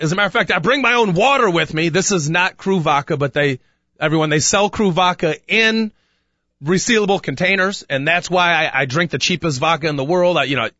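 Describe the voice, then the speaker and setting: Male sports radio host, high bright voice, chatty storyteller, dry dull studio sound. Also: no echo. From Chicago. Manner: rambling storyteller, animated when retelling. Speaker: radio talk show host. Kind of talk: casual sports talk radio monologue.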